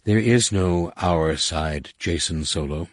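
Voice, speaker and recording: An enigmatic female alien speaks in a slow, measured, cryptic way, calm and faintly mocking, as a male audiobook reader puts her on. The voice sits low and husky. It sounds dry and close. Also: no room sound. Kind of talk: audiobook narration.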